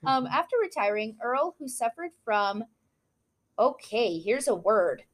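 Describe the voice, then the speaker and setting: A woman's voice: a little high, animated, measured pace, a loud crowd. Chatty woman reading notes aloud. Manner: reads aloud with asides, apologizes for mispronouncing names. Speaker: podcast co-host. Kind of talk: casual chat, reading out history notes.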